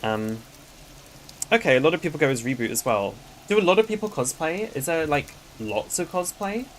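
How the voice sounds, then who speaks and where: Loud game soundtrack music plays behind a woman streaming a game, who chats with her viewers and giggles frequently between remarks. Her voice is low and animated at a normal speed, on a low-quality recording with some hiss or hum.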